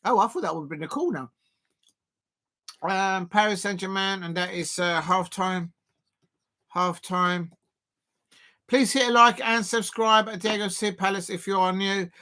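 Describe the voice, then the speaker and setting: A man hosting a live football watch-along, chatting and calling the action in a rambling, excitable way that rises to shouts at big moments. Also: high-pitched, unhurried, pauses often. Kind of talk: live match commentary and chat.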